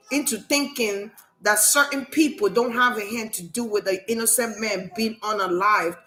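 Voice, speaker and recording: A woman talks straight to her viewers as a psychic reader, defiant and preachy, insisting on her own honesty. Her voice sits a little high and rings bright and sharp. Now and then she sinks into a quieter, murmured aside before pushing back up. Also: slight background noise, poor audio. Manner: preachy and indignant, with sudden drops to a soft murmur. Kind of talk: emphatic, defiant monologue to viewers.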